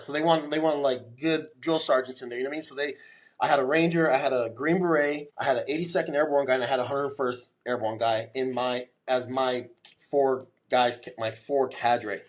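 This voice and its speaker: A man in his forties as a podcast guest, telling a long story and acting out the voices of the people in it. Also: medium pitch. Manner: animated storyteller, acts out quoted dialogue.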